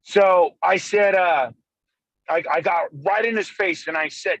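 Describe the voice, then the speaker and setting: A man telling a story over a phone call while driving, excitable and full of profanity. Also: high voice, measured pace. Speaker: podcast co-host. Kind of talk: casual storytelling chat. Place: in a car, driving.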